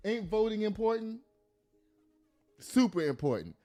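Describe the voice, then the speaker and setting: A man's voice: high-pitched, very animated, measured pace, dark tone, faint music behind. A man giving blunt, profane, emphatic political commentary to his audience, laughing at his own jokes. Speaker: commentary host.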